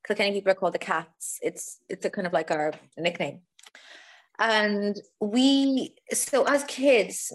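An Irish woman, a comedian and podcast guest, telling stories in a chatty, self-deprecating way. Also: medium pitch. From Ireland. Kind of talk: casual interview chat.

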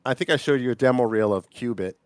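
A man co-hosting a podcast in casual chat, talking in halting bursts with lots of fillers and restarts. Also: mid-range voice, smooth, dry recording, clean studio sound. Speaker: podcast co-host.

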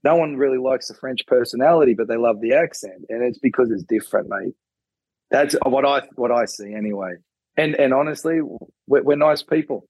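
A man's voice: mid-range voice, a little fast, a little mellow, husky, dry recording, low-quality recording. A middle-aged man with an Australian accent, a former rugby player chatting casually as a guest and often calling people mate. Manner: laid-back, joking, says mate often. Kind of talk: casual interview chat.

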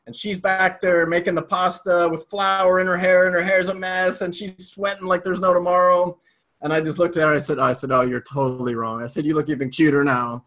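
A man as an interview guest telling a personal story in a casual, animated way. He swears freely. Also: high-pitched.

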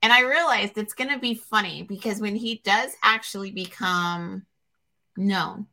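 A woman's voice: mid-range voice, a little slow, gravelly, pushed and bright. A woman hosting a podcast interview, rambling and reflective as she tells her stories. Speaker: podcast host. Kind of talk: casual interview chat.

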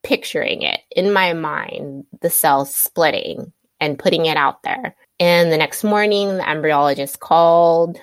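A woman's voice: low voice, measured pace, few pauses, no echo. A woman guest telling a personal story in a candid, chatty way, full of "you know" and "like". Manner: candid, frequent "you know" and "like" fillers, laughs between thoughts. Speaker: interview guest.

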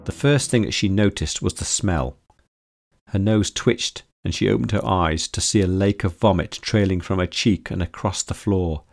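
A man narrating an audiobook in a steady, measured storytelling manner. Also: sits low, creaky, dry recording, studio quality. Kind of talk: scripted narration.

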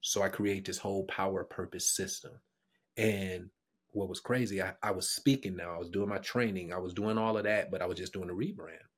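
A middle-aged man, a guest on a podcast, telling a personal story with animation, acting out the people he quotes and dropping to a hushed whisper at tender moments. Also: low-pitched, steady tone, brisk, breathy edge.

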